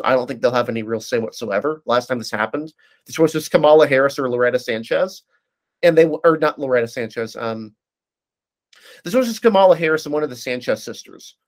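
A man breaks down political races in a casual chat, rattling through details at a brisk clip. He talks at a middling pitch and often restarts his sentences with fillers. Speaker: political analyst.

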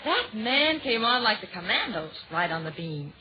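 A woman in 1940s radio comedy banter, teasing and quick with comebacks in period slang, on a dull old radio recording. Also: mid-range voice, very animated, slight background noise. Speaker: guest star.

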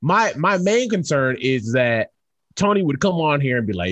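A man co-hosting a casual podcast, his voice a little higher than most men's. His pitch swings widely as he tells stories, jumping into high squeals and bursts of laughter. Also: a little fast, a little hiss or hum. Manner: animated storyteller, jumps into high squeals and laughs. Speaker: podcast co-host.

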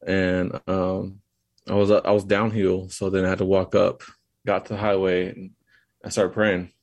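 A man as a podcast guest, casually telling a story in a halting, loose way. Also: sits low, level tone, darkish tone, no echo. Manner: halting, loose retelling of events.

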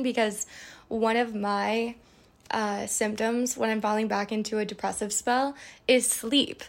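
A woman's voice: a little high, steady tone, a little slow, creaky. A young woman hosting a podcast, answering listener questions in a chatty, candid way with playful asides. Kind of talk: casual advice chat.

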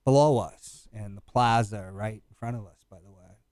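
Male radio sidekick, smooth and dry, laid-back mumbler. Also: fairly low pitch, normal speed, a little mellow, dry recording. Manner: mumbling, laid-back, keeps saying yeah. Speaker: radio co-host and guest. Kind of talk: casual talk radio banter.

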